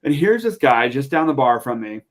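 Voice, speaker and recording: Young guy from montana spinning a yarn on a podcast, chatty, middle-pitched voice, lots of "like". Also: normal speed. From Montana, USA. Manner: animated, chatty, lots of fillers. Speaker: podcast guest. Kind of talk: casual storytelling.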